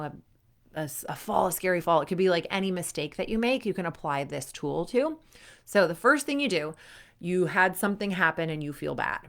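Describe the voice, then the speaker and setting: A young adult woman coaching athletes in a casual, chatty way, full of fillers and acted-out inner thoughts. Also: on the low side. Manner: chatty, frequent "like" fillers, acts out inner voices. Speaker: performance coach.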